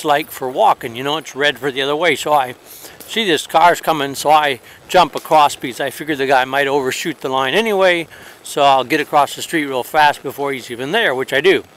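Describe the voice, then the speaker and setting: Fairly high-voiced man, wry outdoor travel diary. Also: fairly bright tone, slight background noise. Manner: rambling, hesitant, wry and critical. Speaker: traveler on horseback, vlogger. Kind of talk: casual spoken travel diary. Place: outdoors in a town, with a horse.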